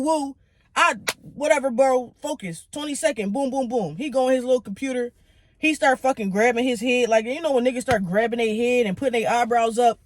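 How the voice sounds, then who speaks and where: A young adult vlogger tells a heated, expletive-filled story, acting out each quoted line as it comes. The room sound is close and dry, with no echo. Irritation runs through the whole telling. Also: medium pitch. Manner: heated, profane, animated retelling; acts out the quoted lines of others. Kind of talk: casual storytime rant.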